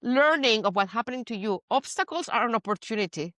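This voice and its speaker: Lively Spanish-accented woman podcast host. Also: fairly high pitch, fast talker, dry recording, clean studio sound. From Spain. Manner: animated storyteller, playful asides. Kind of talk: casual chat.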